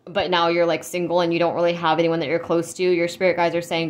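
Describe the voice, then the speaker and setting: A woman's voice: on the low side, level tone, fast, hardly any pauses. A woman doing a casual spiritual reading for viewers, rambling and reassuring, full of "like" and "you know". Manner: reassuring, speaks directly to viewers. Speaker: tarot and spirit-guide reader.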